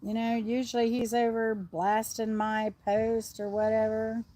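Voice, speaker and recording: A woman's voice: a little high, little pitch movement, a little slow, warm tone. A middle-aged woman with a Southern American accent, chatting casually and rambling on a livestream while outdoors. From Southern United States. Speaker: livestream host.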